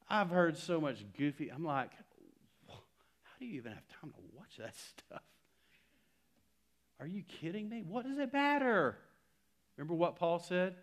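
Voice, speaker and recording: A middle-aged male pastor preaching a sermon, swinging from loud emphatic lines to hushed near-whispers and acting out quoted conversations. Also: medium pitch. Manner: animated, acts out quoted conversations.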